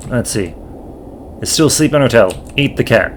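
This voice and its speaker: A man's voice: mid-range voice, expressive, a little hiss or hum. Man narrating a video game. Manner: slow, drawn-out narration of game text. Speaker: let's play host. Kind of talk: reading game text aloud.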